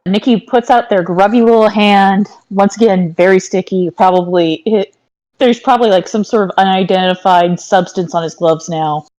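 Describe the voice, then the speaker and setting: A woman's voice: mid-range voice, steady tone, moderate pace, darkish tone. A woman tabletop player who talks in a casual, easygoing way.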